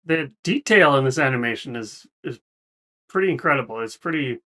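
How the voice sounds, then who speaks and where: With loud music behind him, a man with a medium-pitched, expressive voice talks a little fast while hosting a reaction video. His casual commentary explains ideas thoughtfully, with many restarts.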